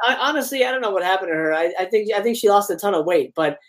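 A woman's voice: mid-range voice, lively intonation, fast. A woman guest on a casual movie talk stream who speaks bluntly and swears freely.

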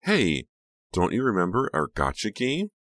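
A man's voice: fairly low pitch, wildly swooping pitch, measured pace, fairly bright tone, no room sound, studio quality, voice pushed up, exaggerated voice. A man voicing a clingy, pouty teenage girl with a creepy streak in an audiobook reading. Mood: teasing.

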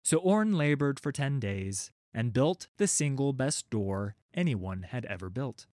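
A man's voice: mid-range voice, lively intonation, unhurried, a little mellow, no echo, clean studio sound. A man narrating a children's storybook, with wry, playful asides to his listeners.

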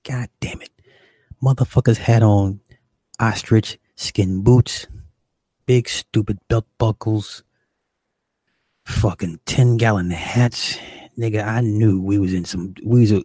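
A man's voice: lowish voice, fairly even intonation, measured pace, mellow, husky, no echo. A young man doing stand-up, telling a crude story in a profane, exasperated, rambling way. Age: young adult. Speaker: stand-up comedian.

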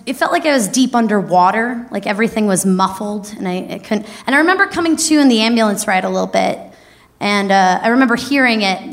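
Animated woman telling a comic story. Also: on the high side. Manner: lively, animated, breaks into laughter. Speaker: comedic storyteller. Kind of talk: stand-up storytelling.

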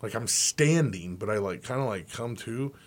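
A man's voice: fairly low pitch, moderate pace. A man co-hosting a sports radio show, telling a long story with lots of laughter and acted-out voices. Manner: animated, laughing, acts out quoted voices.

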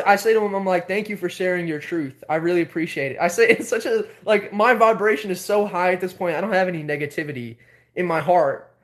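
A man hosting a livestream, telling a story casually in a rambling, animated way with many filler words. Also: sits high. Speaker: host.

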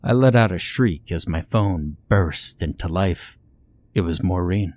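A man reading a first-person horror story in a measured, tense way. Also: sits low, darkish tone, no room sound. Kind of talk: scripted first-person narration. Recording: faint music underneath.

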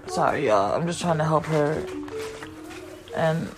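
Over music, a podcast host speaks in a low, expressive voice at a measured pace. She chats candidly and all over the place with her audience, sometimes stopping to look after her children.

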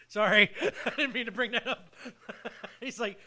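A man co-hosting a casual radio show, loud and joking, swearing and laughing often, with music playing behind him. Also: very high-pitched.

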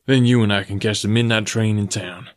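A man's voice: on the low side, fairly even intonation, fairly quick, lightly acted. A man voicing a brusque, domineering young male suitor in an audiobook. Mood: insistent. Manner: brusque, demanding.

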